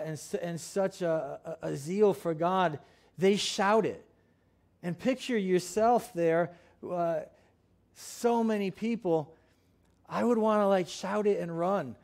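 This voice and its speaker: Male pastor, fairly high voice, conversational sermon delivery with many ums and restarts. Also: darkish tone. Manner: reads scripture slowly, then preaches with many fillers and restarts. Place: church sanctuary.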